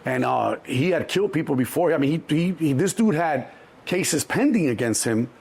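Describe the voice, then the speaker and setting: Gravelly and slightly rough, this man's voice sits on the high side at a moderate pace. The sixty-something Chicago native is an interview guest recounting old stories, animatedly mimicking others' voices with plenty of restarts.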